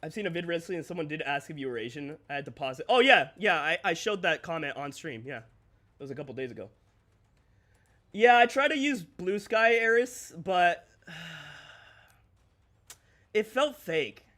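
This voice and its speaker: A male streamer with a high, bright, sharp-edged voice chats loosely with his live audience. He rants candidly and swears freely, breaking into quick laughs between his points. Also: expressive. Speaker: streamer and content creator. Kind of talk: casual livestream chat.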